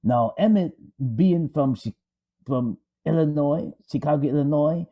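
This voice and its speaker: A man's voice: on the high side, a little slow, lo-fi sound. A man co-hosting a talk show, telling a story dramatically with emphatic repetition. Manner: repetitive, emphatic, restarts for effect. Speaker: co-host.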